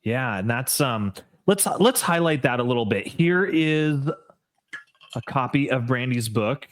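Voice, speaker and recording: A man's voice: medium pitch, animated, a little slow, a little hiss or hum. A man hosting a faith podcast, talking in an earnest, rambling way with many fillers. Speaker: podcast host. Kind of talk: casual interview chat.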